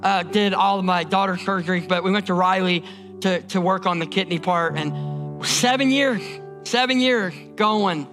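A man's voice: high-pitched, moderate pace, music in the background. A man from Indiana preaching a sermon as a pastor, emphatic and repetitive, often restarting his words.

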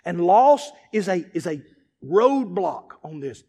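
A man preaching a sermon as pastor, emphatic and repetitive, rising into shouts to drive points home. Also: high-pitched, sing-song, takes it slowly. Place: church sanctuary. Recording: long reverb of a large church hall.

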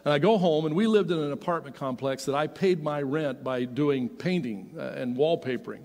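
A middle-aged man telling a personal story as a sermon, animated and swinging from loud to hushed. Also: on the high side, normal speed. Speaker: pastor. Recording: long hall reverb.

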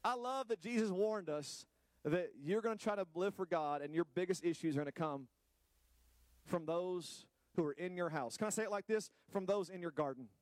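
High-voiced animated male preacher. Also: normal speed, no room sound. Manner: animated preaching with playful asides to the congregation. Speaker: pastor. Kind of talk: sermon.

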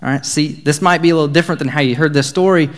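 A man's voice: a little high, rapid-fire. A young man, giving a casual, joking Bible talk as a youth speaker. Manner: casual, joking, upbeat storytelling.

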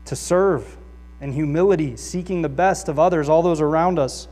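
A man preaching a sermon as pastor, earnest and lively, reading scripture aloud and acting out the voices he quotes. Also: fairly high pitch, normal speed. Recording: long reverb of a large hall.

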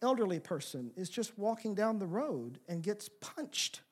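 High-voiced man preaching a sermon. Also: measured pace, breathy edge. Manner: expressive preaching, swings from emphatic to soft, rhetorical questions. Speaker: pastor.

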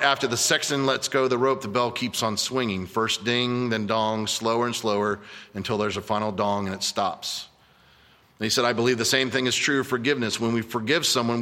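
A man's voice: mid-range voice, bright, forceful tone, in a large hall. A man preaching a sermon as a pastor, telling a story earnestly and emphatically to his congregation. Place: church sanctuary.

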